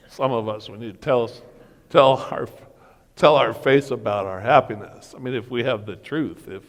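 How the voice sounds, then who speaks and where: A man with a mid-range voice speaks at a moderate pace as the guest speaker at a church men's breakfast. His motivational talk is built on humorous stories in which he acts out the dialogue. The recording has the reverb of a large hall.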